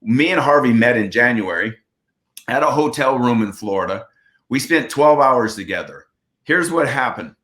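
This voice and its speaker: Man, fifties, from the United States, earnest and emphatic, bright and forceful tone, mid pitch. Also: expressive, moderate pace. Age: 50s. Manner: earnest, emphatic, acts out quoted dialogue. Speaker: interview guest, former baseball pitcher. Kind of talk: personal storytelling in conversation.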